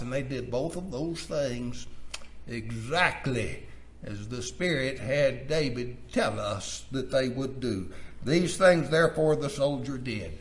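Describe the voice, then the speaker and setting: A man preaching a sermon, reading scripture aloud and swinging from low, quiet asides to loud, rising exhortation. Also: lively intonation, takes it slowly. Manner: reads scripture aloud in King James wording.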